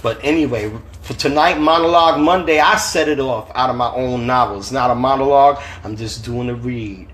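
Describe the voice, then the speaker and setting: A man's voice: mid-range voice, brisk, few pauses, fairly bright tone. A man, an author, reading from his novel on a phone livestream and chatting casually with viewers in slangy talk. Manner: casual, slangy, chuckling often.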